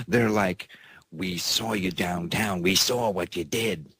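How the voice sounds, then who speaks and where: A man's voice: deep voice, takes it slowly, vocal fry, fairly bright tone, husky, no echo. A man hosting an alternative news show, reading headlines with folksy sarcasm and mocking laughter. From United States.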